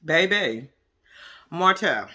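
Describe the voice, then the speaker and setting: A woman's voice: deep voice, animated, drawn-out words, pushed and bright. A woman giving a blunt, profane reaction commentary on a reality show, talking straight to her viewers. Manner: addresses viewers directly.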